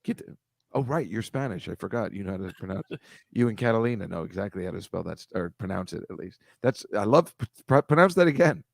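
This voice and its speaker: A man's voice: on the low side, lively intonation, fast, creaky, no room sound, studio quality. A man hosting a casual video-call chat over shared slides, rambling, wry and mocking, swearing freely. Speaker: host.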